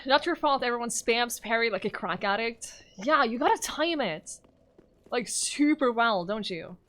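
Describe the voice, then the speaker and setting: A woman's voice: fairly high pitch, expressive, measured pace, fairly bright tone. A woman streaming a game live, talking playfully to chat, laughing often and yelping whenever her character gets hit. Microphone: microphone in front of her face.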